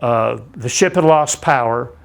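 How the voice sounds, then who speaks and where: An older man, a navy veteran, telling a vivid personal account in a measured, plain-spoken way. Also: mid-range voice, creaky. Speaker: navy veteran recounting his experience. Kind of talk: personal testimony.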